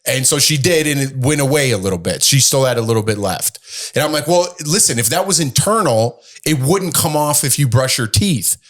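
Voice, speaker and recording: A man's voice: mid-range voice, fairly quick. Rambling man telling a family story. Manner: rambling, animated storyteller who acts out quotes. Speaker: podcast co-host. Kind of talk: casual storytelling chat.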